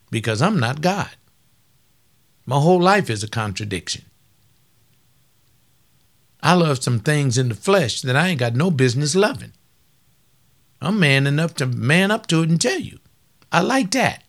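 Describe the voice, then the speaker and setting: A man's voice: mid-range voice, fairly bright tone. An older man preaching informally on a webcast, folksy and emphatic, repeating lines for stress.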